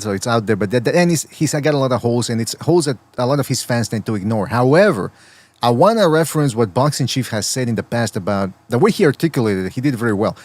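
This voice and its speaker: A man's voice: mid-range voice, darkish tone, no room sound. Dry-sounding male podcast host. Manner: analytical, given to chuckles and playful mimicry. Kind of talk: casual podcast chat.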